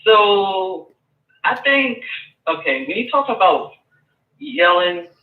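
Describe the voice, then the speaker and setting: A man's voice: sits high, big pitch swings, takes it slowly, phone-quality sound. A man calling in to a talk show, stating firm opinions while stumbling over restarts and fillers. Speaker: caller. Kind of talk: phone-in conversation. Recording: echoey distant phone-in line.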